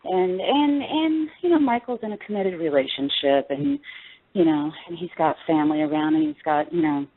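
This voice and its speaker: A woman's voice: lowish voice, big pitch swings, normal speed, no room sound. A woman in her forties, an interview guest chatting casually, laughing often and searching for her words. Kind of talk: casual chat. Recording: tinny phone line.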